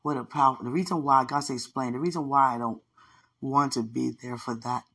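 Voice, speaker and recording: A man with a husky, breathy voice delivers spontaneous prophetic preaching. He repeats his declarations in a rhythmic pattern. At times he sinks into a hushed whisper, speaking from a bedroom. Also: medium pitch, fairly even intonation, fairly quick. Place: bedroom corner.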